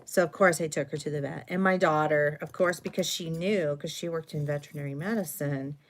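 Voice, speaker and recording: A middle-aged craft streamer talks fairly quickly in a low voice with fairly even intonation. On her live stream she shares a long, rambling story, chatty and full of fillers and self-corrections.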